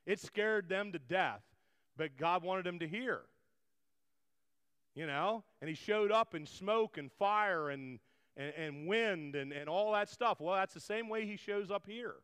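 A man's voice: sits high, lively intonation, measured pace, a bit bright, clean tone. A man preaching a conversational sermon, rambling with frequent restarts and asides. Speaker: pastor. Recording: long hall reverb.

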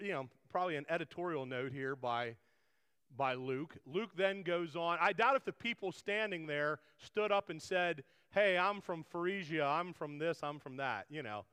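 A man's voice: high-pitched, a bit bright, smooth. A man preaching a conversational sermon, rambling with frequent restarts and asides. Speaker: pastor. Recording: long hall reverb.

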